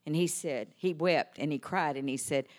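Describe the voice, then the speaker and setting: An older woman preaching a sermon, telling a story with frequent amens and swinging from hushed tones to loud exclamations. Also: low-pitched, normal speed.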